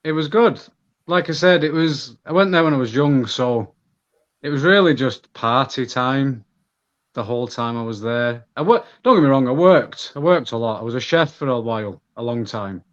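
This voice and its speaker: A man's voice: medium pitch, expressive, moderate pace, highs cut off. Candid Manc man, rambling chat. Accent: Manchester. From Manchester, England. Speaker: guest. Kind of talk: casual chat.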